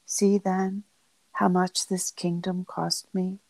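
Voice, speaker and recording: Slow, gravelly woman reading devotionally. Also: lowish voice, level tone, no echo, rough recording. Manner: measured, solemn phrasing in short pauses. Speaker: reader of devotional texts.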